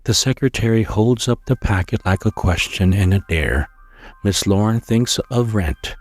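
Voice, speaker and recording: A man narrating a scary story in a slow, hushed storytelling manner, with occasional stumbles. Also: fairly low pitch, soft background music.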